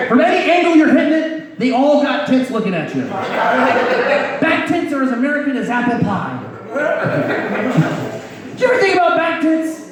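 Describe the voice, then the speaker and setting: Man, very high voice, deadpan stand-up comic, echoey hall, distant mic, crowd laughing. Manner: deadpan crude one-liners with a dry "you're welcome" tag. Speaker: stand-up comedian. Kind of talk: live stand-up set. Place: comedy club stage before a laughing audience.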